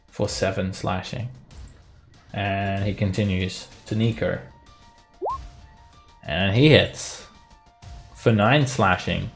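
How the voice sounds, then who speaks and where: A man narrates a tabletop game as its game master, with a gravelly, lower-pitched voice and a bright, tense edge. He laughs often and pads his lines with "uh" and "like." Soft music plays behind him. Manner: laughs often while narrating, many fillers.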